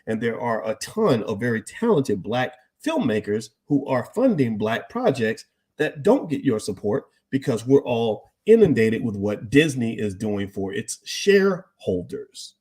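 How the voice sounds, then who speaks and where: A man's voice: medium pitch, darkish tone, slightly rough. A man hosting a live stream, talking emphatically to his chat audience and firing off rhetorical questions.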